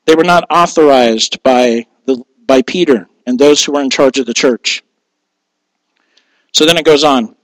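A man's voice: fairly high pitch, moderate pace, fairly bright tone, no echo, low-quality recording. A man, a pastor, preaching a sermon in a conversational way, asking rhetorical questions and laughing at his own asides.

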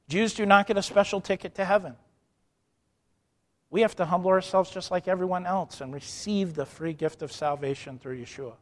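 A man preaching a sermon emphatically, dropping soft and then rising loud, acting out the people in his stories. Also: a little high, big-room sound. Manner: emphatic, swings from soft to loud, acts out quotes.

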